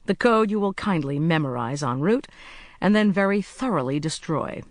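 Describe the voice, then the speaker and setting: A narrator voicing a cheerful, brisk young male agent in an audiobook. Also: medium pitch, lively intonation, dry recording, clean studio sound, lightly acted. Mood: breezy. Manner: brisk, blithe, chatty. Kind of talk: audiobook character voice.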